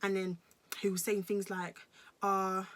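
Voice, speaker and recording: Bright-voiced British woman telling a story. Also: mid-range voice, little pitch movement, a little slow. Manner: emphatic, slangy, repeats phrases. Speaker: vlogger. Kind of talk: story time vlog.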